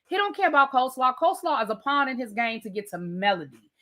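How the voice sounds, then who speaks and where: Woman host, chatty and emphatic, bright and a touch high, casual live chat with viewers. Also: very animated, quick pace. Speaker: livestream host reviewing reality TV.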